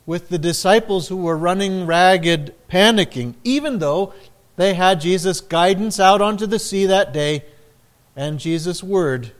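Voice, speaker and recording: A man preaching a sermon in a slow, measured way, raising his voice for quoted lines. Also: a little high. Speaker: pastor.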